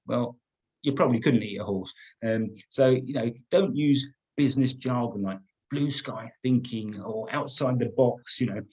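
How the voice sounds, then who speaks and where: Middle-aged man, slightly husky webinar trainer, emphatic, repeats himself. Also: mid-range voice, rough recording. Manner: emphatic, repeats words and restarts often. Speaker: business trainer. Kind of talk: webinar teaching.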